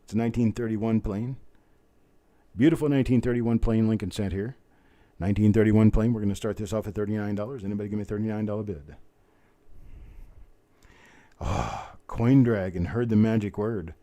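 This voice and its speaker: A man's voice: fairly low pitch, fairly even intonation, mellow. A man hosting a live coin auction, rattling off bid calls between folksy, easygoing chatter. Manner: rapid bid-calling chant mixed with folksy chatter. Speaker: auctioneer host. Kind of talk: live online auction calling.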